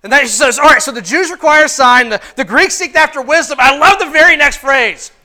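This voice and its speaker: A man preaching in church with a very high, bright and forceful voice. He swings between hushed passages and loud, shouted ones, and keeps putting questions to the congregation. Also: a little fast. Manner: asks the congregation many questions. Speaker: pastor. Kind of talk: sermon.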